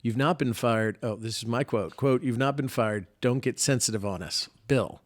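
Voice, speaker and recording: A middle-aged man with a drawl chats on a podcast from a remote mic. He rambles through family stories and pokes fun at himself, with a voice of ordinary pitch. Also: moderate pace. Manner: chatty, self-mocking storyteller. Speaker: podcast co-host. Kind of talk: casual chat.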